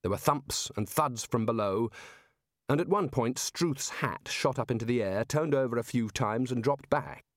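A man narrating a comic fantasy audiobook with a dry, measured comic delivery. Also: mid-range voice, dry recording. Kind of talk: scripted narration.

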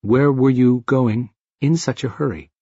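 A man voicing a strange, soft-spoken man who talks slowly and stiffly, like a robot. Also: medium pitch, no room sound, lo-fi sound. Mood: calm, commanding. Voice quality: soft-voiced. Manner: slow, stilted, robotic delivery.

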